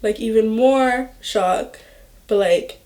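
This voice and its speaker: Slow-talking young woman telling a story. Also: fairly high pitch, a little mellow. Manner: slow, halting storytelling full of "like" fillers. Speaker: vlogger. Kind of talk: storytime vlog.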